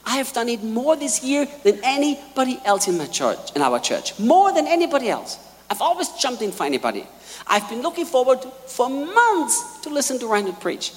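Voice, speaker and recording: A woman's voice: sits high, very animated, moderate pace, big-room sound, voice pushed up. A preacher putting on a reluctant complaining mother.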